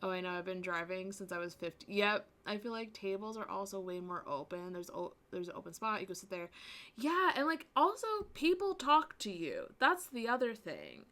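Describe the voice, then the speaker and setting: A woman's voice: mid-range voice, animated, brisk, sharp tone. A woman with a Midwestern American accent tinged with Southern, chatting casually with viewers on a stream, rambling and laughing often. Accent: American Midwestern with some Southern.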